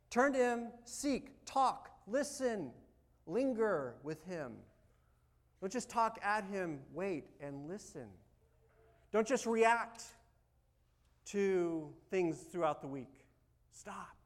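Animated high-voiced male preacher. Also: slow. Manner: animated, swings from loud urging to soft quiet asides. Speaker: pastor. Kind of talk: sermon.

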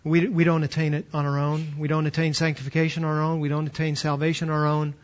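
Emphatic high-voiced male preacher, lo-fi. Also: level tone, quick pace. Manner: emphatic, repeats words when stressing a point. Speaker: pastor. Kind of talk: sermon. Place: church. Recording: dull lo-fi sermon recording.

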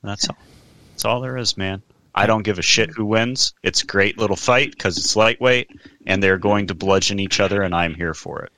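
Bright-toned blunt man on a podcast. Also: on the low side, normal speed, no echo. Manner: blunt, swears casually. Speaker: podcast co-host. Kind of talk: casual podcast chat.

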